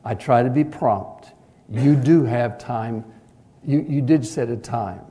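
A preacher voicing a fellow pastor, speaking quietly, earnestly and firmly. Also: male voice, medium pitch, slow, natural voice. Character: firm, earnest male pastor.

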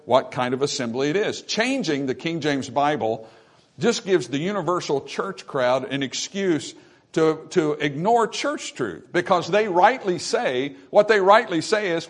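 A man's voice: fairly high pitch, lively intonation, unhurried. A man preaching a sermon from the pulpit, emphatic and repetitive, calling out "amen" to the congregation. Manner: repeats phrases for emphasis. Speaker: pastor.

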